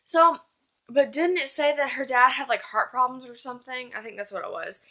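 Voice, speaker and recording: A woman's voice: high-pitched, brisk, bright, forceful tone. A young woman chatting casually in a book review vlog, gushing and acting out characters' lines.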